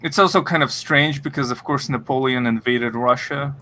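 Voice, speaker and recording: A man talks casually as a podcast co-host, his voice bright and forceful. He stops and restarts often, leaning on fillers. A faint hiss sits under the recording. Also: mid-range voice. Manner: halting, many fillers and restarts. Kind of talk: casual chat.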